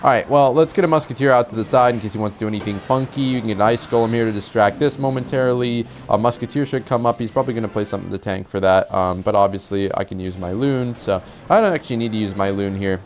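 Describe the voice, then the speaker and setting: A young man giving casual commentary on his own game, chatty and rambling, with sudden excited outbursts. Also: lowish voice, fast, few pauses, slight background noise. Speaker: gameplay commentator.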